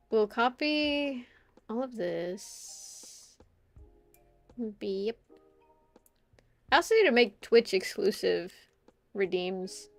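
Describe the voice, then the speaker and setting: A woman's voice: fairly high pitch, a bit bright, no room sound. A young woman chatting casually on a live stream, rambling and giggling, muttering to herself while she works.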